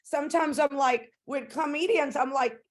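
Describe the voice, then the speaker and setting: A woman's voice: high-pitched, moderate pace. Blunt, profane woman host. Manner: blunt and profane, animated storytelling. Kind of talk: casual chat.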